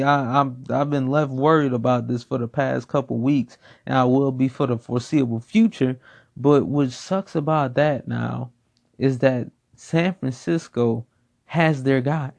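A man's voice: mid-range voice, gravelly, a little mellow. A man giving a casual football opinion rant, blunt and profane, repeating himself for emphasis. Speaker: sports commentator.

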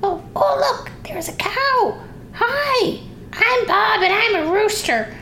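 A performer voicing Bob, a young rooster who is eager and earnest, in a soft, hesitant storybook voice. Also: very high voice, animated, slow pace, slight background noise, exaggerated voice. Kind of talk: storybook reading. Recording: echoey room.

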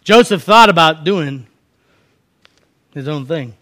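High, bright-voiced man preaching a sermon. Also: animated, slow pace. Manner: storytelling, acting out voices in quotes; conversational, folksy. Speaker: pastor.

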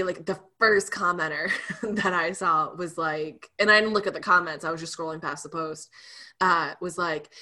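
A young woman with a bright, lower-pitched voice talks candidly in a loose podcast chat. She laughs easily and trails off with "like" and "uh" as she vents.

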